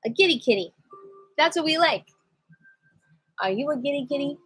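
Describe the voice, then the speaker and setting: A woman leading a livestream qigong class in a playful, giddy, chatty way, with slow guided prompts to notice breath and heartbeat. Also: sits high, lively intonation, a bit bright, no echo, rough recording. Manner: playful, giddy, breaks into sing-song cat voices. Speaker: qigong teacher. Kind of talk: casual livestream class guidance.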